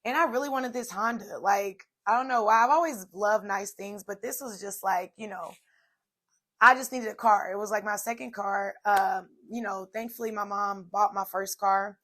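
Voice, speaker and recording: A woman's voice: mid-range voice, normal speed, a bit bright. A woman in her twenties hosting a solo podcast, telling a personal story in a chatty, casual way with many fillers. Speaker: podcast host.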